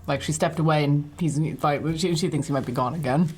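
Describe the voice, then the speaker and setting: A woman playing a tabletop role-playing game, chatting in an easygoing and teasing way. Her voice is unusually low for a woman. A faint hiss of background noise sits behind it. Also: brisk, darkish tone. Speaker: player. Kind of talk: casual tabletop play.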